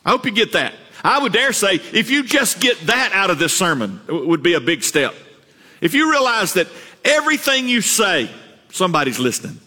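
A man preaching a sermon as pastor, earnest, repeating words and climbing higher to stress a point. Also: sing-song, brisk, sharp tone. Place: church sanctuary. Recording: reverberant church hall.

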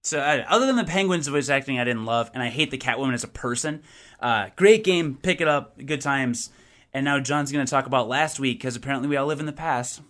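A man's voice: mid-range voice, a little fast. A man co-hosting a gaming podcast in casual, opinionated chat, with many restarts. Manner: animated, opinionated, lots of restarts. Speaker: podcast co-host.

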